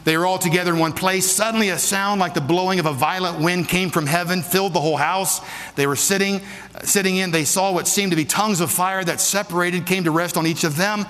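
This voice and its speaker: A male pastor preaches with emphasis, pressing his questions again and again. His voice sits fairly high, and it rings with the long reverb of a large church hall. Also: fairly even intonation, a little fast, fairly bright tone, soft background music. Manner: emphatic, repeats questions to the congregation. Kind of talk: sermon.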